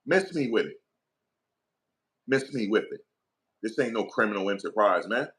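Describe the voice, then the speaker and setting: A man's voice: on the low side, expressive, normal speed, a bit bright. A middle-aged man, giving heated opinion commentary in an emphatic, profane, repetitive rant.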